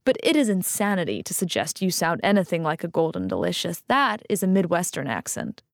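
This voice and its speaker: A woman's voice: fairly low pitch, very animated, fairly quick, gravelly, no room sound, clean studio sound. A woman voicing an odd, playful man who flirts in eager, teasing banter, read in an audiobook.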